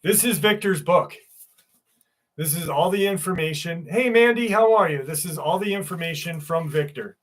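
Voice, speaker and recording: A man's voice: on the high side, animated, normal speed, a bit bright. A man hosting a live stream, reading out viewer comments in loose, chatty, sometimes profane talk, often laughing.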